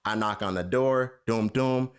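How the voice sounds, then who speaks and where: Low-voiced man telling a rambling story. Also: measured pace, clean tone. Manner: rambling anecdote with fillers like "da, da, da". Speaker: podcast co-host. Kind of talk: casual storytelling chat.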